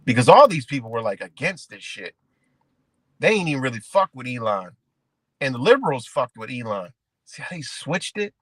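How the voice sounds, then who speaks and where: A man hosting a livestream, ranting in a rambling, profane, animated way and calling his viewers guys. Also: medium pitch, moderate pace, no room sound. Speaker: livestream host. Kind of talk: casual livestream rant.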